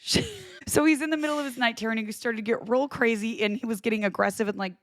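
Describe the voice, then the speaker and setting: A young adult woman, a podcast co-host, giggling and animated as she retells scenes during a casual watch-party chat. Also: a little high, quick pace, dry recording.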